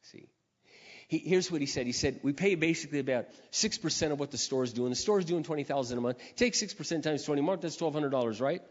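An older man preacher telling a personal story in a sermon, acting out his prayers and phone calls with lively emotion. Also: quick pace. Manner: animated storyteller, acting out his own prayers with rising pitch. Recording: dull reverberant hall sound.

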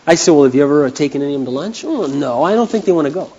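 A man preaching a sermon as a pastor, telling stories with an animated manner that swings from hushed to loud. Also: a little high, racing, husky, lo-fi sound. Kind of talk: storytelling sermon.

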